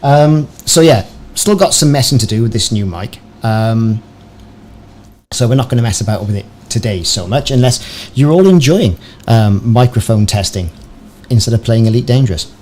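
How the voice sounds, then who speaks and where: A gaming streamer speaks animatedly at normal speed in a mid-range, darkish voice, chatting loosely and making fun of himself. The casual live stream comes from a small home room through a desk podcast microphone, with faint fan noise present.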